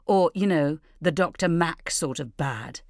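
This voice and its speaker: A woman's voice: sits low, measured pace, no echo, studio quality. A woman reading an audiobook, voicing a blunt younger sister who talks in an offhand way.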